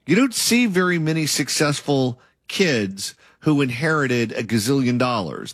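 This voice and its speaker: A man's voice: mid-range voice, no echo, studio quality. A man interviewing a political candidate and asking long, opinionated questions.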